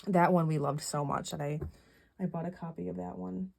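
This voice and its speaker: A woman's voice: lowish voice, steady tone, a little fast, vocal fry, darkish tone. A middle-aged woman, rambling through a casual monthly recap vlog with lots of fillers and restarts. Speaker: vlogger.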